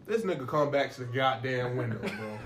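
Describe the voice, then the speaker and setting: A man's voice: medium pitch, animated, a little fast, a little hiss or hum. A young man in casual chat, animatedly telling a profane work story and acting out both sides of the dialogue.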